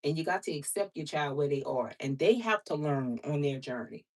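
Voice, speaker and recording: A tarot reader with a low-pitched, darkish voice and lively intonation talks casually and bluntly to her viewers at normal speed, calling them sister and baby and swearing freely in this vlog chat. The mic sounds distant.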